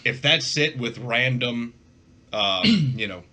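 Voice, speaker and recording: A man co-hosting a casual podcast chat, animated and quick to laugh. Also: mid-range voice. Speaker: podcast co-host.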